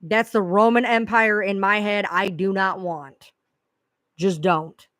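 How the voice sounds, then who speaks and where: A woman's voice: mid-range voice, steady tone, takes it slowly, fairly bright tone, no room sound, studio quality. A woman who covers true crime, talking bluntly and with profanity in a casual chat.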